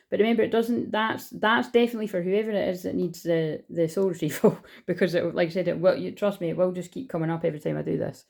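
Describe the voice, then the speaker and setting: A woman's voice: fairly low pitch, fast, creaky, few pauses, darkish tone. A woman doing a chatty, rambling card reading as a spiritual healer, with lots of restarts and asides.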